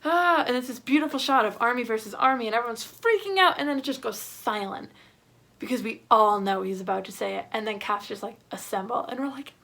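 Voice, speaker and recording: A woman giving a casual spoiler film review, gushing and excitable, with lots of fillers. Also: on the high side, a little fast, creaky.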